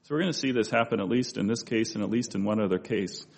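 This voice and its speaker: A man's voice: fairly low pitch, fast, a little mellow. A man preaching a conversational Bible-study sermon, with asides and restarts as he talks.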